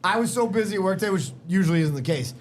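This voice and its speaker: A man hosting a podcast, trading quick, joking banter in casual chat. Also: sits high, animated, background noise. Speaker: podcast host.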